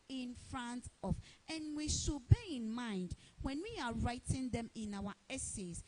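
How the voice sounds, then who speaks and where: Woman, teacher, grammar lesson, repeats examples, unhurried, mellow tone. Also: on the high side, poor audio. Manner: deliberate, repeats each example sentence. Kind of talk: televised English grammar lesson.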